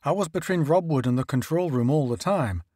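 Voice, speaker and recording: A man's voice: a little high, expressive, brisk, warm tone, no echo, clean studio sound. A man voicing a precise ship's doctor. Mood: explaining.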